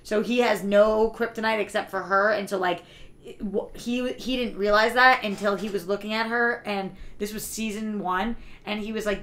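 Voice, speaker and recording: A woman's voice: mid-range voice, normal speed. Chatty woman gushing over TV shows. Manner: chatty, filler-heavy, gushes with excitement. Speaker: guest co-host. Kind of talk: casual podcast chat.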